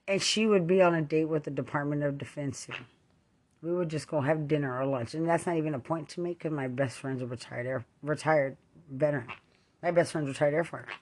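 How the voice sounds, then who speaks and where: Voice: mid-range voice, a little mellow. Accusatory middle-aged veteran from Texas. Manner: accusatory, repetitive, rambling. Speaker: army veteran. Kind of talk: angry monologue.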